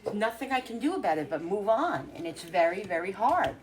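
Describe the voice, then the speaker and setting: A woman talking casually to her viewers while cooking in her home kitchen, rambling and thinking out loud as she works. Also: medium pitch, sing-song, a little fast, a crowd in the background. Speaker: cooking vlogger. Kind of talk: casual cooking vlog chat.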